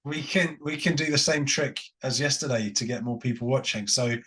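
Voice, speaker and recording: A man's voice: mid-range voice, moderate pace, fairly bright tone. Easygoing British man, podcast co-host. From Britain. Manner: easygoing, agreeable, laughs along. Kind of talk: casual podcast chat.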